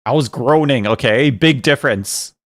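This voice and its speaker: A man's voice: medium pitch, normal speed. A young man streaming games, chatting casually, laughing often and bickering playfully with his chat.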